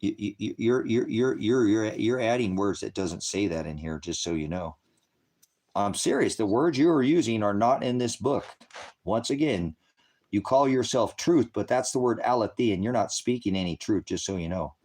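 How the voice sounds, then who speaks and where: A man's voice: on the low side, lively intonation, moderate pace, darkish tone. A man hosting a ministry livestream, angrily and profanely berating commenters in his chat while lecturing on scripture. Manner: angry, profane, combative; heckling and lecturing.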